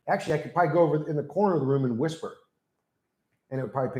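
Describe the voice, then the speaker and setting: A man's voice: mid-range voice, lively intonation, very fast, echoey room, low-quality recording. A man hosting his own channel, ranting casually and bluntly with lots of swearing, dictating punctuation aloud to a voice assistant with the mic right next to him. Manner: talks loudly into the mic. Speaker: channel host. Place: room at home.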